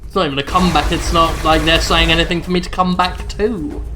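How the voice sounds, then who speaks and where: A man's voice: a little high, steady tone, fast, music in the background. A man giving sarcastic, jokey commentary while playing a shooter game. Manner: jokey, mocking, exclaiming at the game. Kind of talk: sarcastic let's-play commentary.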